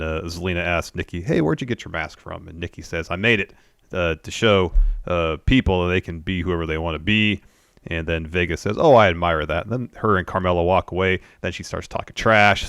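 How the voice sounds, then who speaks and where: A man's voice: low-pitched, normal speed, fairly bright tone, clean tone, no room sound, studio quality. A man co-hosting a casual wrestling recap show, recounting segments plainly and complaining about formulaic booking. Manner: matter-of-fact recapping, frustrated complaints. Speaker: podcast co-host.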